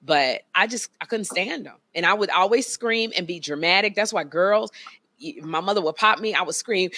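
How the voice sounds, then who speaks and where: A middle-aged American woman co-hosting a podcast, chatting casually and acting out family stories with loud, animated quoted voices. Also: medium pitch, a little fast, no room sound. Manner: animated storyteller, acts out quotes loudly. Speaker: podcast co-host. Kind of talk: casual comedic chat.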